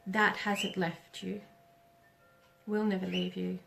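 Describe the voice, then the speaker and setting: A middle-aged woman doing a live oracle reading, speaking gently with pauses and self-corrections. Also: medium pitch, little pitch movement, creaky, faint music behind. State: tearful. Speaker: psychic reader on a live stream.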